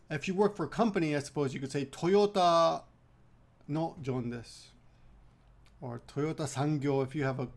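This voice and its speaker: A man giving a casual video language lesson at home, chatty, repeating phrases slowly with frequent restarts. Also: on the high side. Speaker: language teacher.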